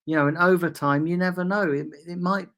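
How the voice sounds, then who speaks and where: A man's voice: sits high, steady tone, brisk, a bit bright. Fired-up man ranting. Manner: heated, exasperated, repetitive. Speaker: football fan channel host. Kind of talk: ranting monologue.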